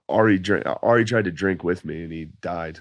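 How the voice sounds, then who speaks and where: A man telling laid-back, profane stories as a comedian guest on a podcast, his voice going hoarse. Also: low voice, unhurried, no room sound. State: losing his voice. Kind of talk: casual podcast chat.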